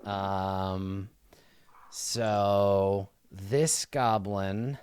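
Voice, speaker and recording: A man's voice: lowish voice, fairly even intonation, extremely slow, a little mellow, clear, resonant tone, dry recording. A man running a tabletop game as dungeon master, talking through rules and narrating what the enemies do. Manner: explains rulings and actions conversationally.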